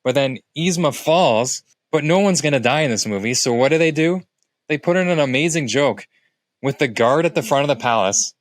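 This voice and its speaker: Animated man recapping a film. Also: normal speed, no room sound. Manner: animated, acts out quoted lines in higher voices. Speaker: podcast co-host. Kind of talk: casual movie review chat.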